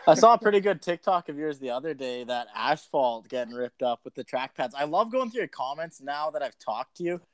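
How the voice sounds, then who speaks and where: A man's voice: a little high, animated, a little fast, few pauses, no room sound. A man hosting a casual podcast, chatty and laughing easily. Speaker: podcast host.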